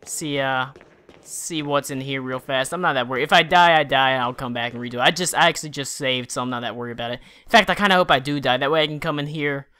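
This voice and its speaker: A let's play gamer swearing and shouting at enemies while commenting on the game to the viewer. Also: mid-range voice, fast talker, a little hiss or hum. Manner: profane, excitable, yells at enemies on screen; talks to the viewer while playing. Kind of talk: casual gameplay commentary.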